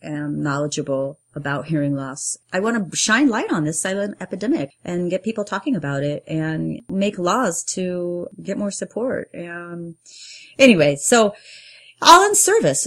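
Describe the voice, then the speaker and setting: Earnest woman telling her own story. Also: on the low side. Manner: earnest, animated when acting out quotes. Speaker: playwright and performer. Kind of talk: personal storytelling interview.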